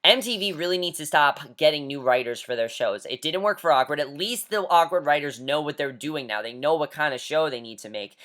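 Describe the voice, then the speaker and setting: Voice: mid-range voice, a bit bright. Exasperated vlogger ranting about a show. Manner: exasperated, mocking, swears often, repeats "honestly". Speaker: vlogger reviewing a TV episode. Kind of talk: casual rant.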